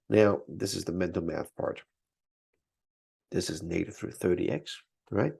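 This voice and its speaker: A man teaching math in a recorded lesson. He talks through each step aloud, checks in with "okay?", and keeps it relaxed and encouraging. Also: low-pitched, normal speed, gravelly, long pauses, breathy edge.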